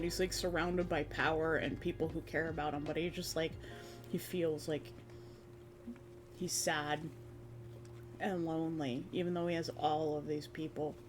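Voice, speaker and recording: With a medium-pitched voice, a streamer excitedly and loosely recounts a tabletop game. The casual recap wanders, peppered with quick takes on what characters said, voiced in character.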